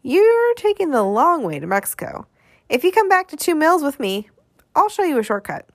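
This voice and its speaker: A woman's voice: high voice, big pitch swings, moderate pace, no room sound, clean studio sound, voice pushed up. A woman doing an easygoing, persuasive boy. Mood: coaxing. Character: calm clever boy, friendly and easygoing.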